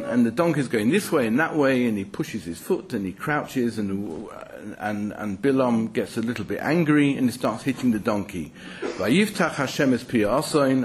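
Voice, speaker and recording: A man teaching in a sermon, telling stories with lively restarts and asides. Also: mid-range voice. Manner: animated storytelling, halting restarts. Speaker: rabbi teaching.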